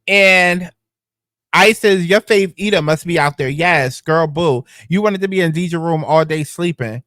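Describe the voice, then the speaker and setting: A man reads out text messages and reacts to them with sarcastic, slangy commentary. His voice sits a little high for a man. The sound is close and dry, with no room echo. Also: sing-song, a little slow, pushed and bright. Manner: sassy, slangy, sarcastic asides. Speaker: commentary channel host.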